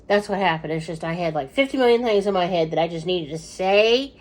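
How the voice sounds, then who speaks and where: A woman's voice: fairly low pitch, fairly quick, darkish tone. A middle-aged woman chatting casually to camera with updates about her husband, rambling with lots of fillers and asides.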